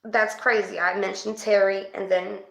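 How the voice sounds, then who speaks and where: A woman doing a casual livestream spirit session as a psychic reader, chatty and excitable, calling her viewers babes. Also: medium pitch, moderate pace, creaky, highs cut off. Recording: echoey room.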